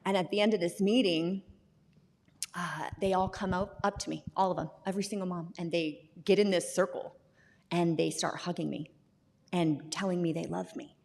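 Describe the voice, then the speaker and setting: In a hall with long reverb, a woman shares her own recovery story as a guest speaker, speaking candidly, laughing at herself, and often restarting her sentences. She has a lowish, creaky, slightly mellow voice, a steady tone, and a moderate pace.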